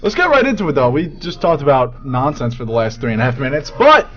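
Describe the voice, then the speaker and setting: A man's voice: mid-range voice, very animated, fast talker, a bit bright, lo-fi sound. A young man hosting a college radio sports show from a campus studio, talking in a chatty, upbeat way. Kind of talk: casual sports talk.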